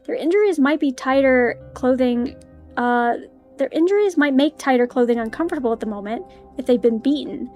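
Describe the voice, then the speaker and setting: Young woman, game streamer, giggly, easily spooked, high voice, faint music. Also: expressive, fairly quick, a little mellow. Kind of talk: reading a visual novel aloud with commentary.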